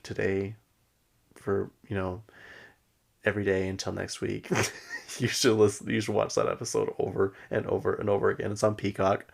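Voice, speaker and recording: A male podcast host rambles through a reality-show recap with a low voice full of gravelly fry. He talks casually and excitably, leaning on "like" at every turn and breaking into laughs. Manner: rambling and excitable, many "like" fillers, laughs often.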